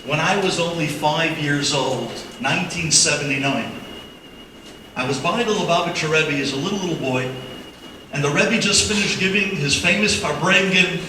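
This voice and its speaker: A man's voice: on the high side, moderate pace, lightly acted. A man voicing a kind young rabbi who speaks earnestly, recorded from far off in an echoey hall with background noise. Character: young kind male rabbi, apologetic and warm.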